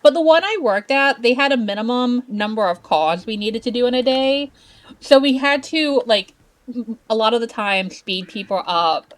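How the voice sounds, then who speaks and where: A woman from the States, chatting casually with her live-stream chat while gaming. She talks slowly and laughs often. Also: a little high, expressive. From Southern United States.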